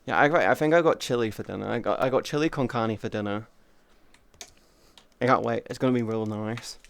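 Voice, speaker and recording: A VTuber streamer chatting casually with chat, rambling and swearing a lot, with sudden jumps to a high, excited pitch in stories. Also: brisk, creaky.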